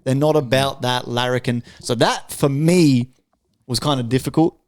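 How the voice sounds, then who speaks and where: An Australian man talking loudly and swearing freely, with jokey banter, as a guest on a podcast. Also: medium pitch, moderate pace, dry recording. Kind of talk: casual podcast chat.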